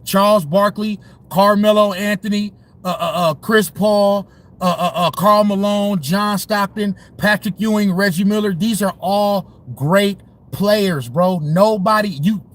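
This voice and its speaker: A man's voice: high-pitched, fairly even intonation, unhurried. A man delivering a heated, profane sports rant, full of slang, repeats and restarts. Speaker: sports commentary vlogger.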